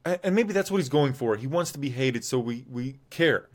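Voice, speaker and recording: A man's voice: mid-range voice, expressive, moderate pace. A man with a mid-range voice hosting a casual fight recap show. He talks in a loose, rambling, opinionated way and stops now and then to correct himself. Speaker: MMA show host.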